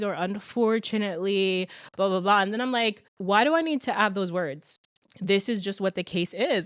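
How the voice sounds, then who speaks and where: A young adult woman hosting her own podcast in a casual solo talk, animated and talking straight to her listeners like a friend. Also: lowish voice, smooth, dry recording, clean studio sound. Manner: animated, talks straight to listeners, calls them "sis" and "girl". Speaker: podcast host.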